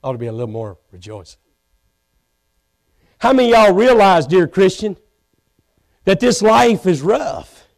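A man preaching a sermon from a church pulpit, swinging between fervent shouting and hushed intensity. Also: high-pitched, very animated, a little slow, vocal fry, pauses often. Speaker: pastor. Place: church sanctuary.

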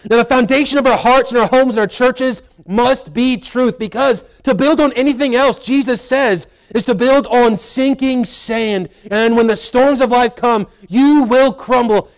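A man preaching from a church pulpit, his voice sitting notably high for a man. He talks in a folksy way, slipping into quoted asides and moving between teaching and prayer. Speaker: pastor. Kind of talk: sermon. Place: church sanctuary.

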